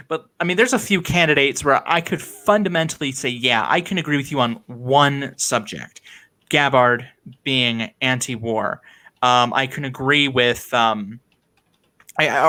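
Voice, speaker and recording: Male host, bright voice, opinionated, fillers and restarts, casual discussion. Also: mid-range voice.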